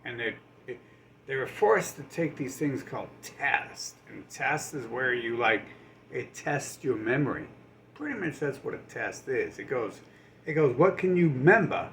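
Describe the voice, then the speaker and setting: A man's voice: mid-range voice, animated, measured pace, a bit bright, a little hiss or hum. A man delivering a sarcastic, profane, rambling rant, mocking people by putting on their voices. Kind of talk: ranting monologue.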